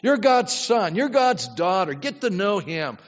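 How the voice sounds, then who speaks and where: High-voiced pastor preaching in a reverberant hall. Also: male voice, big pitch swings, measured pace, dull audio. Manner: conversational, asks the congregation questions. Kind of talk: sermon.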